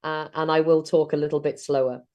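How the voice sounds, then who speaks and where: A woman's voice: sits low, little pitch movement, a little fast, warm tone. A middle-aged woman from South Wales, telling networking stories in a chatty way during an online training session. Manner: chatty storytelling.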